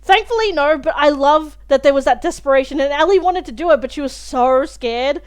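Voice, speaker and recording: Young woman, high voice, casual show review, animated, chatty, cursing, reaction host. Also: a little fast. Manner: animated and chatty, swears freely, many fillers. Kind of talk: casual spoken review of a TV episode.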